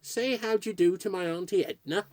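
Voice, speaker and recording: A man's voice: high-pitched, normal speed, a little mellow, dry recording, pitched above the performer's own voice, lightly acted. A man voicing a chatty, smug old male ghost with a folksy, patronizing manner, in a storybook reading. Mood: cheerful.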